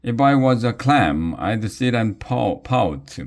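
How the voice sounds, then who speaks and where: A man's voice: medium pitch, expressive, takes it slowly, voice pushed up. A man voicing a brash male rapper in a mouse costume who raps clumsy rhymes in a children's story. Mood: rapping boastfully. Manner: rhythmic, rapping.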